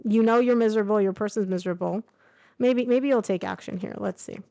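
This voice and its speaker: A woman's voice: mid-range voice, a little fast, gravelly, mellow, dry recording, muffled recording. Chatty woman reading tarot, dry sound. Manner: chatty, thinking aloud with fillers and asides. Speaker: tarot reader. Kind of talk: casual tarot reading to camera. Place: indoors, traveling.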